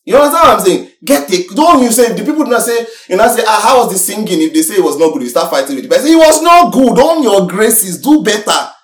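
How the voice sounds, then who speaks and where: A preacher giving an emphatic sermon who repeats points, swings between loud and soft, and keeps asking listeners to agree. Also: mid-range voice, big pitch swings, fast, few pauses. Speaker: preacher teaching a congregation. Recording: echoey hall, voice from far off the mic.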